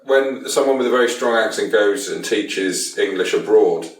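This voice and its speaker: A man's voice: fairly low pitch, normal speed. A man co-hosting a podcast, chatting casually and throwing in dry quips. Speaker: podcast co-host. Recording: roomy echo with loud crowd noise.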